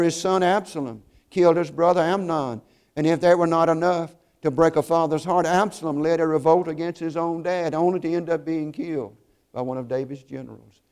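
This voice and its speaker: A man preaching a sermon, telling stories earnestly and slowing down to stress key points. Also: fairly high pitch, darkish tone, clean tone. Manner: earnest storytelling, slows for emphasis.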